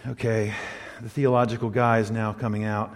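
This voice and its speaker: A man preaching a sermon, telling a story and moving between loud emphatic points and hushed quiet passages. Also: lowish voice, level tone, moderate pace. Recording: long reverb of a large hall.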